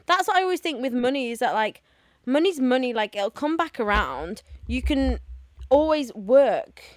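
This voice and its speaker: A woman's voice: high-pitched, sing-song, normal speed, no room sound, clean studio sound. A woman in her twenties co-hosting a podcast, chatty and giggly, telling stories with lots of animation. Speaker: podcast co-host. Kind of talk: casual chat.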